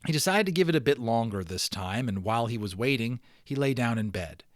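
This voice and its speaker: A man narrating a children's novel aloud in an expressive, dramatic storytelling style. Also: medium pitch, a little fast, no room sound, studio quality. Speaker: audiobook narrator.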